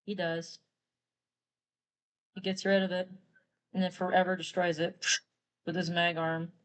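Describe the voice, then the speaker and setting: A woman's voice: on the low side, little pitch movement, unhurried. A woman retelling a story casually while drawing on a live stream, rambling and quoting characters with "he's like". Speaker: artist streamer.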